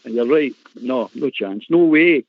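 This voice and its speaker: A man's voice: mid-range voice, expressive, unhurried, creaky, background noise. An older man with a Scottish accent, a panelist on a call-in show, talking bluntly and heatedly, hammering his points home. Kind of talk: heated casual chat. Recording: tinny phone-like line.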